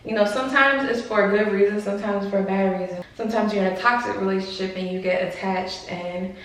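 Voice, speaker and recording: A woman's voice: mid-range voice, steady tone, quick pace, far from the mic. A young woman from Long Island, New York, speaks openly and casually to her camera, cursing now and then as she talks. She is recorded at home from a few steps back, so her voice rings in a strongly echoing room. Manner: chatty and candid, swears casually. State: pregnant. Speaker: vlogger. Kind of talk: casual confessional vlog. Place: room at home in front of a mirror. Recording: very echoey room, voice off-mic.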